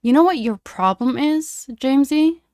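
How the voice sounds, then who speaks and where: A sneering young bully on a hockey team who taunts and jeers in a sharp voice, as a woman reads him. The sound stays close and dry. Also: a little high, lively intonation, measured pace, no echo, pitched above the performer's own voice. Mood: taunting.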